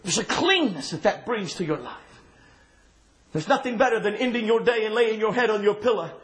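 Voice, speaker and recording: A man preaching a sermon in an impassioned way, often shouting and then dropping low and quiet. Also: expressive, fairly quick.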